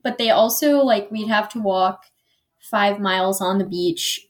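A woman's voice: mid-range voice, measured pace. A young woman guest co-host on a casual podcast, telling stories with lots of animation and acting out what people said.

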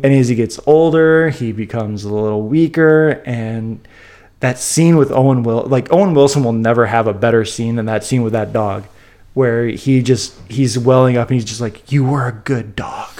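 A man co-hosting a podcast, chatting casually, animated and playful with stammering restarts. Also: medium pitch, moderate pace. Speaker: podcast co-host. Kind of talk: casual chat.

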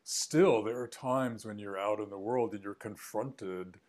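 A man's voice: fairly low pitch, a little slow, darkish tone. Thoughtful man explaining at length. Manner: thoughtful, restarts phrases while explaining. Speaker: author guest. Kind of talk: conversational interview.

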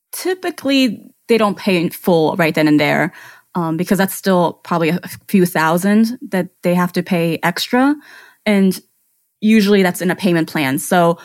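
A woman photographer, a podcast guest, describing her client process step by step with enthusiasm. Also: on the low side. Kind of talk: conversational interview.

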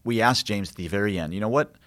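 A man's voice: fairly low pitch, quick pace, fairly bright tone. A man, a guest author, telling stories earnestly and reflectively in conversation, with frequent fillers and restarts. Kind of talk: conversational storytelling.

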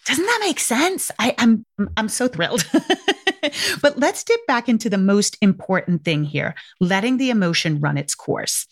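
A woman's voice: medium pitch, sing-song, normal speed. A middle-aged woman hosting a parenting podcast in casual solo talk, chatty and emphatic, often asking "right?" and addressing listeners as "you guys".

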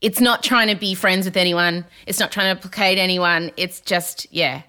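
A woman's voice: on the low side, fairly even intonation, normal speed, pushed and bright, clean tone. A woman hosting a podcast in casual chat, talking animatedly and candidly, with self-deprecating humor. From Australia. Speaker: podcast host.

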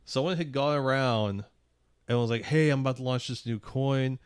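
A man co-hosting a podcast, talking in halting starts and repeats with dry jokes. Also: medium pitch, smooth, dry recording. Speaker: podcast co-host. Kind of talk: casual podcast banter.

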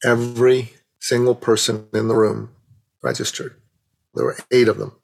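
A middle-aged man, a guest on an interview, telling a personal story with animated, emotional delivery and acting out the dialogue. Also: mid-range voice, normal speed, vocal fry, noisy background. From Iran.

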